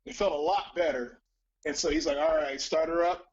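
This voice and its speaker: Man, storyteller type, profane and animated, husky tone, lo-fi audio. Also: on the high side, moderate pace. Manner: profane, animated, acts out quoted voices. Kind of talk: casual storytelling chat.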